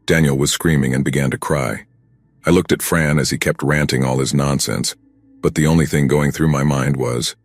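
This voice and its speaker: A man narrating a first-person horror story in a steady, grim, scripted telling. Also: rumbling low, moderate pace, dry recording, soft background music.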